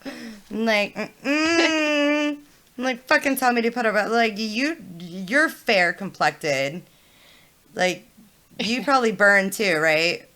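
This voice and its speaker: A woman's voice: mid-range voice, animated, slow pace, bright, forceful tone. A young woman streamer chatting casually and telling a story bluntly, with heavy swearing. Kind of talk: casual chat on a live game stream.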